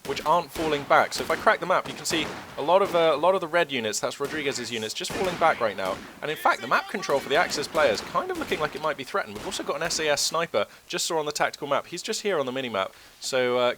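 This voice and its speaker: Commentating a strategy game while sick with a cold, this man chats and rambles with many fillers, his voice a bit low from the illness. His pitch is fairly high with lively intonation, and he talks quickly with few pauses. Gunfire and artillery from the game fill the noisy background.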